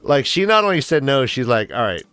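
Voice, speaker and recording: A man co-hosting a book podcast in casual chat, speaking haltingly with many restarts. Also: mid-range voice, big pitch swings, a bit bright, clean tone, dry recording, faint music behind. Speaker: podcast co-host.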